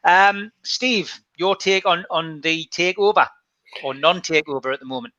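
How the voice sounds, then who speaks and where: Host reading out comments, chirpy, highish bright voice. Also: male voice, measured pace, no room sound. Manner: upbeat, enthusiastic. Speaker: podcast host. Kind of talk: casual chat, reading viewer comments.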